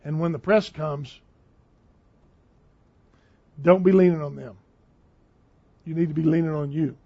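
A man's voice: fairly high pitch, fairly even intonation, unhurried, vocal fry, slightly rough. A man preaching a sermon in a conversational, emphatic way, repeating phrases for stress. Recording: dull lo-fi recording.

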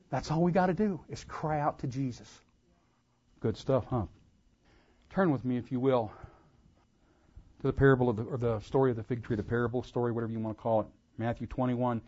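A man delivers a sermon, swinging from quiet, earnest talk to loud emphatic swells. His voice sits at a middle pitch, and the recording sounds dull and lo-fi. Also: a little fast, pauses often. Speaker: pastor.

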